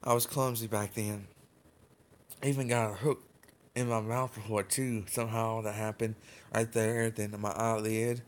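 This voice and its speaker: A man's voice: fairly low pitch, level tone, normal speed. A man hosting a livestream, telling a long personal story in a loose, rambling way. He keeps calling his viewers "guys" and speaks with informal grammar and plenty of fillers. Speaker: livestream host.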